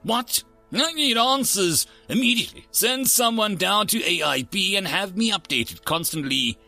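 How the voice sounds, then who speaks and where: Man as alien lord, irritable, demanding, high-pitched, snapping. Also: big pitch swings, moderate pace, creaky, pushed and bright, soft background music, heavily acted. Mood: angry. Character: lordly alien ruler, irritable, swells when threatened.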